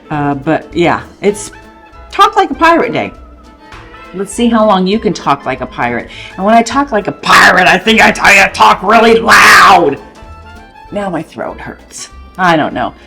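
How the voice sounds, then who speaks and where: A woman co-hosting a casual morning show, chatting playfully about the day. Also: low voice. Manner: playful and rambling. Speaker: co-host presenting the national day.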